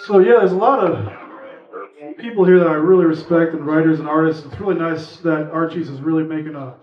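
Man reading a story aloud at a live event. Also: fairly high pitch. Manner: relaxed, conversational, a few fillers between parts. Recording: echoey room, from far off, muffled.

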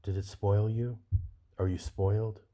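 A man reading the lines of a quiet, patient wife and mother in a novel. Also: on the low side, unhurried, close to an everyday voice. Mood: reproachful. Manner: quiet, calm, gently reproachful. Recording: dull lo-fi recording.

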